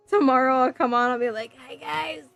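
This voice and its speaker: A slightly high-voiced woman chats loosely with her stream audience while she works, her speech full of fillers and restarts. Her voice has a faint hoarse edge. Soft music plays quietly underneath. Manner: chatty, rambling, frequent fillers and self-corrections. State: voice getting hoarse. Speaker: livestream host building a model kit. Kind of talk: casual stream chat reading viewer comments.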